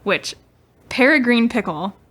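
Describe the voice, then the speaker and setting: A woman's voice: on the high side, expressive, unhurried, a bit bright. A young woman co-hosting a podcast, telling a story in a casual, chatty way, often giggling and trailing off mid-sentence. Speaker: podcast co-host.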